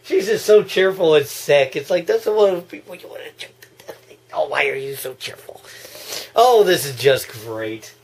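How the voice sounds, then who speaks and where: A man giving casual, excitable movie reaction commentary, gushing and breaking into laughs and yells. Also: high-pitched, normal speed, a little hiss or hum.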